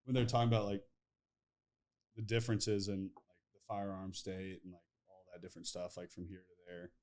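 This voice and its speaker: A man's voice: low-pitched, little pitch movement, brisk, a little mellow. A man hosting a podcast in casual chat, rambling through stories with lots of fillers. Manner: rambling, filler-heavy, laughs at his own stories. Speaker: podcast host.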